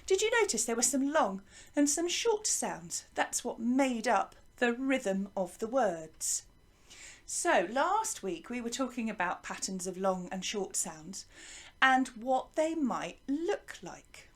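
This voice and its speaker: A woman teaching a lively music lesson to young children, encouraging them and chanting rhythms for them to copy. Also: fairly high pitch, slow pace. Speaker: primary school music teacher.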